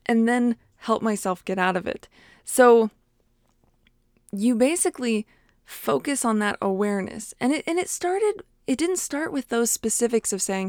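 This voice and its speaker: A woman's voice: on the high side, normal speed, no room sound, clean studio sound. A young woman coach talking through emotions in a casual monologue, full of fillers and quoted self-talk.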